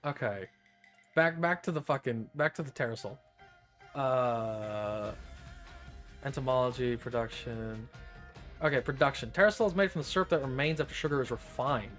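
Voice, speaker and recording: A man's voice: mid-range voice, normal speed, a bit bright, faint music behind. A young man streaming, reading an article aloud and riffing on it in a profane, incredulous, joking way. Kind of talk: casual reading and commentary.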